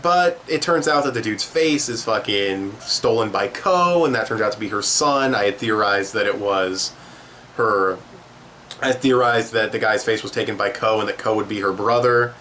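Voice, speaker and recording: A man's voice: fairly low pitch, moderate pace, pushed and bright, a little hiss or hum. A young man giving a casual spoken comic review, loose and profane, acting out quotes as he goes.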